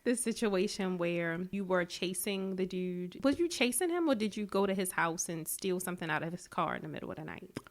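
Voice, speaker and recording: A woman's voice: on the low side, expressive, a little fast. Giggly, teasing woman podcast host. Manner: giggly and teasing, laughs often. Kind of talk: casual chat.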